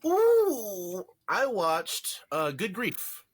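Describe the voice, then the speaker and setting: A man's voice: mid-range voice, expressive, moderate pace, pushed and bright. A man co-hosting a podcast, chatting casually about shows he watched, rambling and correcting himself with jokes. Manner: rambling, self-correcting, jokey. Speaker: podcast co-host. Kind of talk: casual movie review chat.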